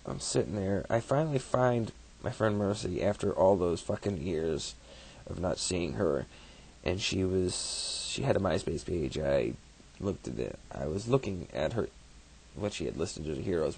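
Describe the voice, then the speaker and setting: Husky, profane man telling a personal story. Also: deep voice, a little mellow. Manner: halting, profane, full of restarts.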